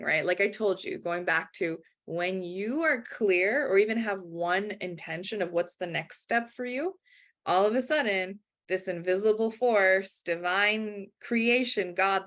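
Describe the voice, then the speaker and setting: A woman life coach telling a personal story in an animated way, acting out quoted voices and often saying "like". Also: medium pitch. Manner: acts out quoted voices, frequent "like".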